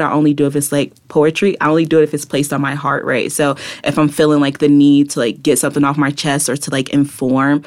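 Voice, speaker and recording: Reflective woman poet, full of "right?". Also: deep voice. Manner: reflective, many fillers like "like" and "right?". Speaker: guest, poet and activist. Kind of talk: conversational interview.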